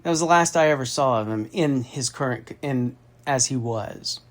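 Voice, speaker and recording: A man's voice: mid-range voice, normal speed. A middle-aged man from Austin, Texas, telling a personal story in a phone conversation, candid, emphatic and often profane. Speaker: federal contracting consultant.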